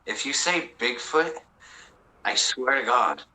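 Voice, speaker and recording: A man guesting on a livestream, tossing out corny jokes in a very bright, ringing voice. His pitch jumps around a lot, while his delivery stays slow and unhurried. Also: animated, rough recording. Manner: jokey, tells corny jokes, laughs easily. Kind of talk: casual livestream chat.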